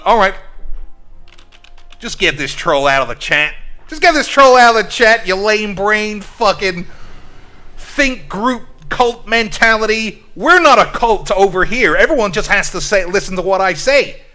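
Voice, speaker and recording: Whiny begging male streamer, pleading tone, bright timbre, a man doing the impression. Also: sits high, pitched above the performer's own voice, full character voice. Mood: ranting. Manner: whining, pleading, then ranting.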